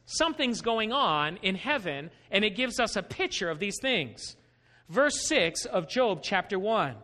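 A man with a very high, bright voice preaches a Bible-teaching sermon. He talks patiently and asks many questions, with lively swings in pitch. His words ring out under a long hall reverb. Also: measured pace.

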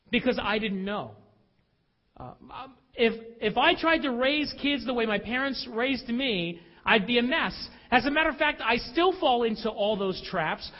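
A male pastor with a very high voice, preaching in an animated, dramatic storytelling way. He is heard in a church hall with a long, ringing reverb, and the recording sounds dull and muffled. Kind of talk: sermon.

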